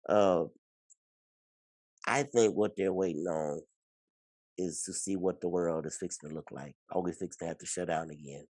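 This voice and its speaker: A man co-hosting a podcast, chatting casually, excitable and rambling with many restarts. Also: deep voice, moderate pace, long pauses, no room sound. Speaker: podcast co-host. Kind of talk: casual chat.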